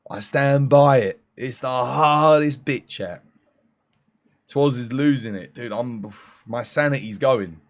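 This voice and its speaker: Worn-out man streaming late. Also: medium pitch. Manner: weary and drawn-out, joking, thanking viewers by name. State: tired, voice going after eighteen hours. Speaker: live streamer. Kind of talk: casual live-stream chat with viewers.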